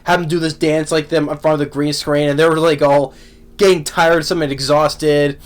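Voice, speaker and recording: Halting man with a raised voice. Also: fairly high pitch, little pitch movement. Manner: halting, many restarts and repeated words; laughs often while talking. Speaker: anime reviewer. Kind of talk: casual spoken review.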